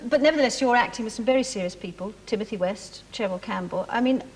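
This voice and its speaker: A woman hosting a television chat show, asking brisk, teasing questions. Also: a little high. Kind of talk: television interview. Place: television studio. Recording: echoey studio with audible hiss.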